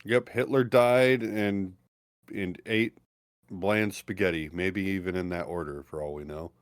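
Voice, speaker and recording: Male podcaster, very low voice, dry sound, deadpan dark humor. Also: measured pace, dry recording. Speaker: podcast co-host. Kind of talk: casual podcast banter.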